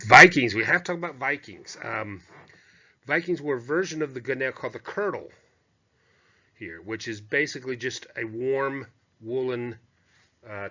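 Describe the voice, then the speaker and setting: Man, lecturer, lowish voice, bright edge, chatty slide talk, muffled lo-fi recording. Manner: chatty, digressive, with fillers and asides. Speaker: costume history lecturer.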